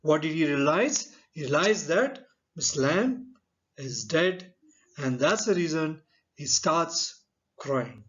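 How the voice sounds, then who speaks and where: A man with an Indian English accent teaching a literature lesson, speaking slowly and deliberately and asking rhetorical questions. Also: on the high side, animated, fairly bright tone. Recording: dull lo-fi recording.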